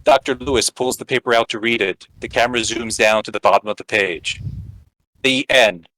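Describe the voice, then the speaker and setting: A man's voice: mid-range voice, steady tone, fast talker, a bit bright, no echo, poor audio. A man co-hosting a podcast, narrating a screenplay-style story and chatting casually. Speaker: podcast co-host. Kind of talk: narrating a script aloud, casual chat.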